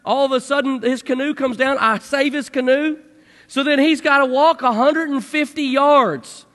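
A middle-aged man telling a personal story to an audience in a lively way, acting out shouts and sound effects. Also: very high voice, normal speed, in a large hall.

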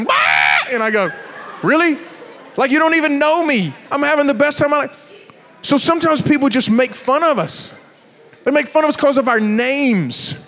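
High-voiced preacher in a reverberant hall. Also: male voice. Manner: animated, joking storyteller addressing a crowd. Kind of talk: sermon with personal stories.

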